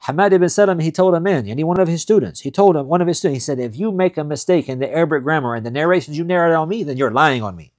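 A male teacher talks quickly in a slightly high voice, giving a lesson. He reads Arabic passages at speed, then explains them in English, repeating key points emphatically. The recording is dry and close, with no room echo. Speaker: Islamic studies teacher.

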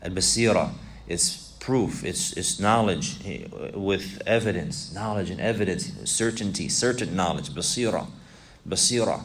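Male religious teacher, deep voice, repeats himself, quizzes the class. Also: normal speed, slight background noise. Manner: repetitive, asks students questions, mixes Arabic recitation. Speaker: Islamic teacher. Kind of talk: classroom lesson explaining a text.

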